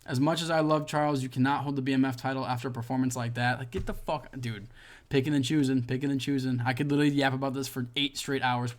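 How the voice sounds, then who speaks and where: A man hosting a casual reaction video, reading fan comments and ranting with lots of swearing, swinging between mutters and loud outbursts. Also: mid-range voice, steady tone, fast talker. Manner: profane, exasperated ranting.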